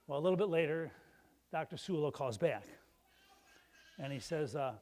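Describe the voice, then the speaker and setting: A man's voice: fairly high pitch, moderate pace, long pauses, darkish tone. A male pastor giving a conversational sermon, telling a story and rising to emphatic invitations. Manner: conversational, rises to emphatic calls. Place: church.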